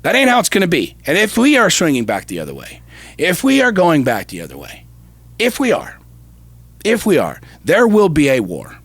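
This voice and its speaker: A man delivering a heated podcast rant in a slightly high voice, punching his points with profane repetition. He jumps between loud bursts and low, intense stretches. The sound is close and dry. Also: wildly swooping pitch, moderate pace, breathy edge, dry recording. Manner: forceful, profane, emphatic repetition; swings from shouting to low intensity. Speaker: podcast co-host.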